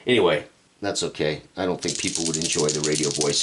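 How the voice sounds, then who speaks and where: A man's voice: very deep voice, fairly even intonation, a little fast, a bit bright, slight background noise. A man who designed the game, giving chatty solo play-by-play of a tabletop football match, breaking off into casual asides about the rules and speeding up on big plays.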